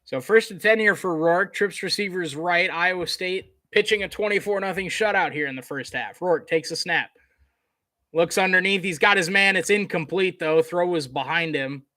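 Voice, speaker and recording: Bright-voiced casual male play-by-play caller. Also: high-pitched, moderate pace, no echo, studio quality. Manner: conversational, fillers, gets excited on big plays. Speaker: live game commentator.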